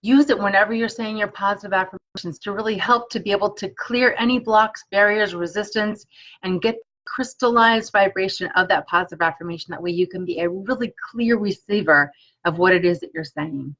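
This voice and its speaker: A woman coaching energy tapping on a live stream, guiding slow repeated affirmations and chatting encouragingly with viewers. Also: medium pitch, low-quality recording. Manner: warm, encouraging chat with viewers.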